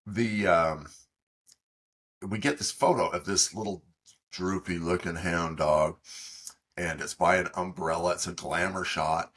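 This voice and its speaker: Man, middle-aged, very deep voice, husky, halting, rambling casual storytelling. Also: steady tone, a bit bright. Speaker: podcast co-host.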